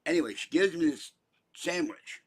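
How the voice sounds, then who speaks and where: A man's voice: a little high, animated, normal speed. An older man from Pittsburgh, talking in a rambling, chatty monologue full of theatrical asides. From Pittsburgh, Pennsylvania. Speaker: vlogger.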